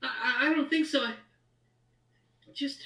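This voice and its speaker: A man's voice: extremely high pitch, unhurried, pushed and bright, roomy sound, far from the mic, voice pushed up, full character voice, rough recording. A man putting on a frightened halfling boy. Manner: frightened, stammering. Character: scared young halfling boy, evasive.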